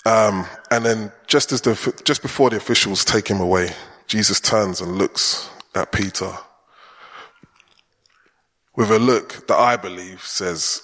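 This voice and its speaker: A man's voice: fairly low pitch, unhurried, a bit bright. A man preaching a chatty, conversational sermon in a church and putting questions to the congregation. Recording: long church hall reverb.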